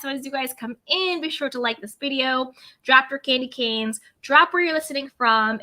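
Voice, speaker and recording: A woman's voice: sits high, sharp tone. Bubbly woman hosting a live recap. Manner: bubbly, drawn-out greetings, pop-culture slang. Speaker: YouTube recap host. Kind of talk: live-stream chat, greeting viewers.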